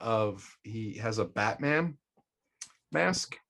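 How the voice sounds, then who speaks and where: A man chatting casually over a movie, telling stories with hesitant ums and pauses. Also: fairly low pitch, expressive, vocal fry, fairly bright tone. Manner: hesitant, many ums and trailing off. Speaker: movie commentary co-host.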